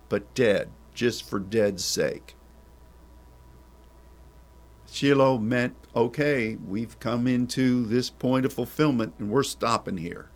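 A man preaching a sermon, pressing listeners with repeated rhetorical questions and restarting his words. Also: on the high side.

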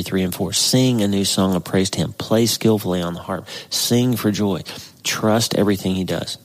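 Gravelly low-voiced man reading scripture. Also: rough recording. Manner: earnest, encouraging, reads verses slowly and stresses words. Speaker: podcast host. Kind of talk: devotional podcast talk with scripture reading. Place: indoors by a window.

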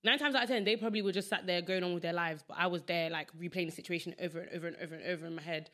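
A woman's voice: fairly low pitch, steady tone, very fast, a bit bright. A young woman hosting a podcast with a London accent, chatting casually and laughing easily as she rambles through stories. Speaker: podcast host. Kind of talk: casual chat.

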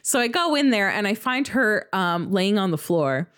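A woman co-hosting a podcast, casually recapping a video game with a friend, relaxed and full of fillers. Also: mid-range voice, normal speed. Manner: relaxed, with many fillers and soft laughs. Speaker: podcast co-host.

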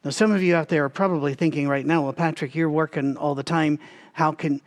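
Man with a slightly high voice for a relaxed, lively Bible-study teaching read, addressing the audience directly. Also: fast talker. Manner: animated, talks to listeners directly, frequent restarts.

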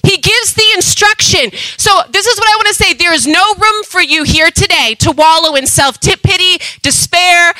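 Woman preacher, passionate sermon, loud calls and quiet asides, dry close sound. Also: very high voice, normal speed, few pauses, no echo, low-quality recording. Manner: impassioned, swings between loud emphatic calls and soft asides.

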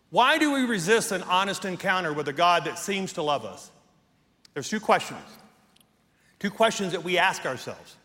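A man's voice: high voice, pushed and bright, long reverb tail. A middle-aged man, a pastor, preaching a sermon with emphatic rhetorical questions and touches of humor. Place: church sanctuary.

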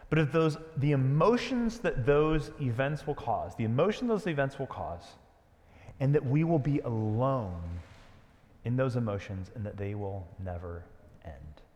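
A man preaching a sermon, dramatic and conversational, dropping to a hush on key lines. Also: medium pitch, sing-song, moderate pace, big-room sound. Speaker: pastor.

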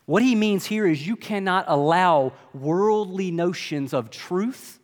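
A man whose voice sits high preaches slowly as a pastor. His sermon is conversational and full of rhetorical questions, and the recording carries the long reverb of a large hall.

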